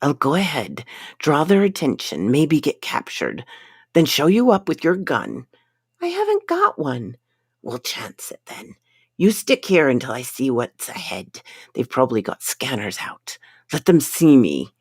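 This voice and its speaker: Woman voicing a brash burly spaceman, gruff, low hushed lines, slow with a gravelly edge. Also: wildly swooping pitch, no room sound, studio quality, full character voice.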